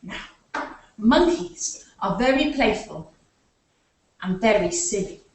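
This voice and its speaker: A woman's voice: medium pitch, lively intonation, takes it slowly, heavy background noise. A woman leading a live story time for young children, playfully asking them to join in with actions. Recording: echoey room, far from the mic.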